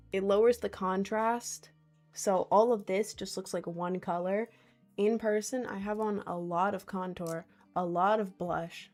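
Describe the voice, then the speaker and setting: A young woman livestreams, chatting casually, rambling and giggling often as she reads viewers' comments aloud. Her voice is mid-range and a little mellow.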